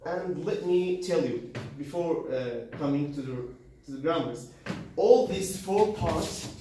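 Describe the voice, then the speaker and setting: A man gives a classroom presentation in slow, halting speech full of fillers and restarts, his grammar non-native. His voice sits a little high. He is recorded from across a very echoey room, with faint noise behind. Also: dark tone, distant mic. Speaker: student presenter. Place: university classroom.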